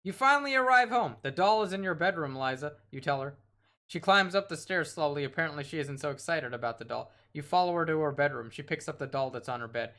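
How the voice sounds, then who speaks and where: A man's voice: on the high side, lively intonation, fast talker, sharp tone. A man streaming a horror game, reading its text aloud and dropping wry asides, sometimes tripping over his words.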